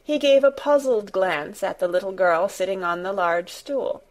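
A woman narrating a classic children's novel in a steady, measured storytelling manner. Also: mid-range voice. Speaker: audiobook narrator. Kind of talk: scripted narration.

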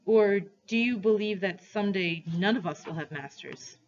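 Reader putting on a big-bellied bossy juggler guy, leering and boastful, a bit higher and louder than the narration, dull lo-fi sound. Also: moderate pace, a little hiss or hum, natural voice. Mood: soft, sly. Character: boisterous wandering male juggler, big-bellied, domineering. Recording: dull lo-fi recording.

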